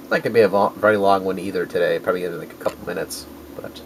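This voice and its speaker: Rambling man with a lowish voice. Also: steady tone, very fast, a little hiss or hum, poor audio. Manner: rambling, self-correcting, crude jokes. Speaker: video game collector vlogger. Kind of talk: casual rambling vlog.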